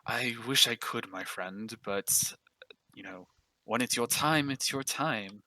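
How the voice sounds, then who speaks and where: A man playing a friendly, middle-aged god of death, gentle and apologetic, a little lost for answers. The tone is bright and clear. It sounds close and dry, with no room sound. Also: mid-range voice, slow, no room sound, heavily acted, rough recording. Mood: welcoming.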